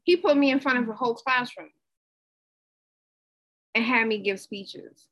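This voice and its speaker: A woman giving a conversational, animated inspirational talk, repeating herself for emphasis. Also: a little high, unhurried, poor audio. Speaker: motivational speaker.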